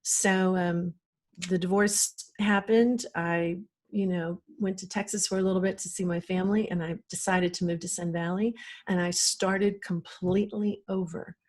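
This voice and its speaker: A woman's voice: lowish voice, fairly even intonation, moderate pace, a little mellow. A middle-aged woman, a podcast guest, telling a personal story in an earnest, emotional way.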